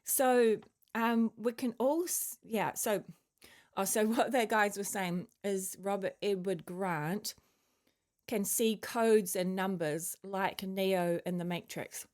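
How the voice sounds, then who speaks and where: A woman's voice: mid-range voice, slow pace, darkish tone. A woman giving a casual, rambling spiritual talk as a channeler, full of fillers and musing asides, chewing a mint while she speaks. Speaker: channeler sharing spiritual messages.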